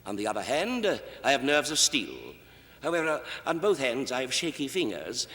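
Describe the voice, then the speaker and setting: A man performing a comic monologue as one side of a conversation, overly polite and deferential, calling his listener sir, often stammering and halting. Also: mid-range voice, huge pitch swings, bright, forceful tone. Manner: nervous stammering and halting restarts. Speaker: comedian. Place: television studio stage. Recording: long hall reverb on a 1960s TV stage.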